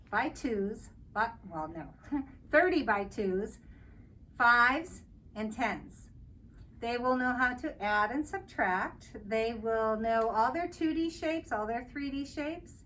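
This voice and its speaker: An older kindergarten teacher with a fairly bright, high-leaning voice gives parents a friendly, step-by-step talk, counting aloud as she explains. The mic is distant, with faint background noise.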